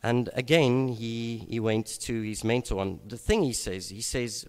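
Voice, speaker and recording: A man preaching a sermon at an evening gathering, unhurried and reflective, with frequent hesitations and restarts. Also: medium pitch, steady tone, a little mellow. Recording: long reverb of a large hall.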